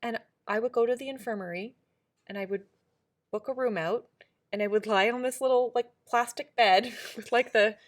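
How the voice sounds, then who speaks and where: A woman's voice: on the high side, normal speed. A middle-aged woman co-hosting a podcast, talking in a casual, reflective way. She is earnest and emphatic, with many restarts and fillers. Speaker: podcast co-host.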